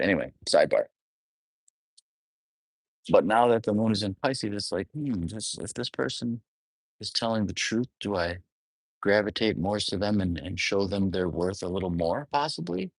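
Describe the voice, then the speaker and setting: A man's voice: sits low, lively intonation, normal speed, no echo. A man talking on his own without a script, musing aloud, often rephrasing and trailing off mid-thought, and asking the listener reflective questions. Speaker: astrologer. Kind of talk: unscripted solo monologue.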